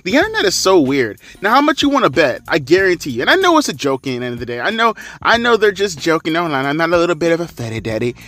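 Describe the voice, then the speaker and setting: Forceful, profane ranting man. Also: fairly high pitch, very animated, quick pace, few pauses, dry recording. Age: 30s. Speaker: wrestling commentator. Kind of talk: ranting commentary.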